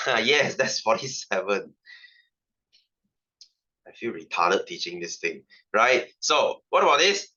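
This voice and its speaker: Joking Malaysian tutor with a bright voice. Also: male voice, medium pitch, lively intonation, slow pace, pauses often, dull audio. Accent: Malaysian English. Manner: chatty, joking, full of "right?" asides. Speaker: science tutor. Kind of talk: casual online science lesson.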